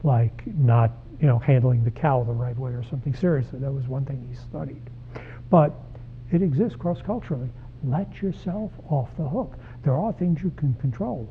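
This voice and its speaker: A man's voice: mid-range voice, normal speed, slight background noise. A man in his sixties, a psychologist giving a direct, conversational talk to parents and putting questions to the audience. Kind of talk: lecture to parents. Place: church hall. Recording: tinny phone-like sound.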